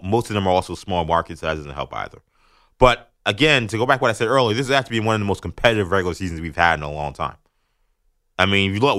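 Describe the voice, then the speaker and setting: A man filling in as a sports talk radio host, breaking down the league in a lively, joking way. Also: low-pitched, no room sound, studio quality. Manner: animated, mocking, laughs often.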